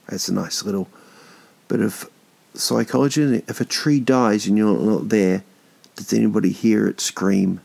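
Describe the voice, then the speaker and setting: Guy doing a podcast solo, low voice, goofy rambling, drifts everywhere. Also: steady tone, moderate pace, gravelly, darkish tone. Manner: playful, jokey, swears casually, drifts off topic. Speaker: podcast host. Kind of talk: rambling comic podcast monologue.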